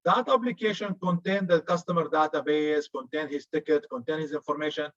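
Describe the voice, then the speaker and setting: A man's voice: a little high, steady tone, fairly quick, muffled recording. Joking Arabic-accented male lecturer. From Arab region. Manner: chatty, joking, says "good" often. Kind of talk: classroom lecture.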